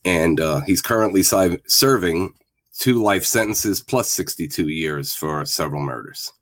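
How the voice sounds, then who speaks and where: A man's voice: deep voice, lively intonation, measured pace, no echo. A man in his fifties, a guest telling a candid personal story in a plain-spoken, reflective way. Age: 50s.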